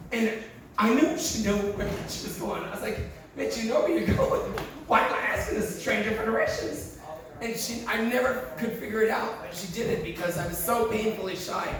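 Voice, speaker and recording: A man doing stand-up comedy, telling candid, profane and emotional stories to a live audience. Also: high-pitched. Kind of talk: stand-up storytelling. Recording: echoey room, far mic, crowd noise.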